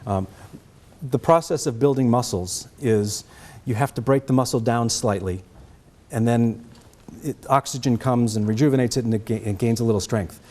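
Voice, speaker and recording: A man's voice: mid-range voice, normal speed, darkish tone. A middle-aged man with a Boston accent giving a trumpet master class, answering students' questions and checking in with "okay?".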